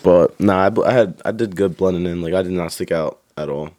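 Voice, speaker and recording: A young man telling stories in a casual chat, animated and swearing, acting out drill instructors. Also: deep voice, a little fast, no echo. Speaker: guest.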